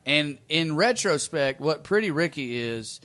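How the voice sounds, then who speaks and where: Male comedy podcast co-host, high-pitched, rambling and profane. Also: lively intonation, measured pace, sharp tone. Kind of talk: casual comedy chat.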